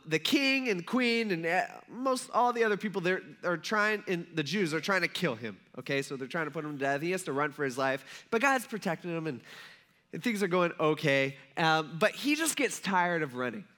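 A man giving a casual sermon, telling a Bible story in a chatty, animated way, swinging from loud emphasis to hushed asides. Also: fairly high pitch, brisk. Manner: conversational, animated storytelling with voiced characters. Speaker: preacher.

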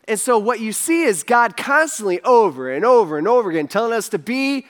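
His voice is very high and sing-song, fairly bright, moving a little fast with few pauses. This man is a pastor delivering a relaxed sermon, peppering it with "like" and performing the characters in his quotes.

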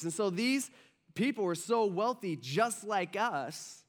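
A male pastor preaching a sermon in a casual, conversational way, often checking in with the congregation and dropping low and soft for emphasis. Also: expressive, takes it slowly. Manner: conversational, frequent "right?" asides; acts out quoted voices, drops soft and low for emphasis.

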